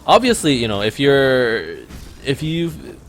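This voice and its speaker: A young Canadian man hosts a let's play, chatting casually over a video game in a medium-pitched voice and taking his time. His gameplay commentary rambles and is animated, and he keeps interrupting himself to restart sentences.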